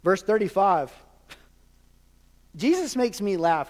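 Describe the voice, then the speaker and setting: A man's voice: fairly high pitch, lively intonation, normal speed, a little mellow. A man preaching a sermon as a pastor, conversational with jokes and asides to the congregation. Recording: long hall reverb.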